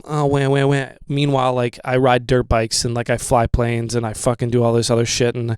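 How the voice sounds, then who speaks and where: A man's voice: medium pitch, completely flat delivery, brisk, smooth, dry recording. A young man hosting a podcast, rambling casually with lots of fillers and swearing. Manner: rambling, profane, with many fillers. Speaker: podcast host.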